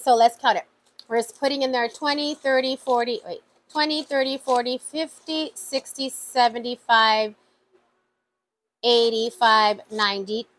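A woman vlogging about her savings challenges, chatting excitedly to viewers and counting money out loud. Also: a little high, unhurried, faint music behind, low-quality recording. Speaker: budgeting vlogger. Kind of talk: casual vlog talk to viewers.

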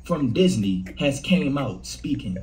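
A man's voice: medium pitch, big pitch swings, a little slow, a little mellow, slight background noise. A man hosting a casual commentary video, mocking and conspiratorial in tone. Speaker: host.

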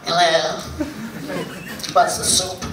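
A woman's voice: lowish voice, level tone, slow, pitched above the performer's own voice. A man voicing a fussy woman who regularly phones a restaurant to ask about the soup, speaking in curt questions, in a roomy, noisy live recording from a distance.

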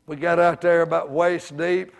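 A man preaching a sermon in a church, folksy, dropping to hushed asides and rising to shouts. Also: fairly high pitch, little pitch movement, moderate pace, gravelly. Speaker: evangelist preacher. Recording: reverberant hall.

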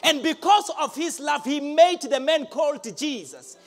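Male pastor, live sermon, big swooping delivery that climbs to shouts. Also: extremely high pitch, expressive, measured pace. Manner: emphatic, rising to shouts, asks the crowd questions. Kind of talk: live preaching. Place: large church hall.

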